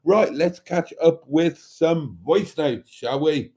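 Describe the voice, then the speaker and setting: A man's voice: fairly high pitch, slow, darkish tone, slightly rough. A man hosting a casual livestream, reading out viewer comments and laughing heartily. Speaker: livestream host.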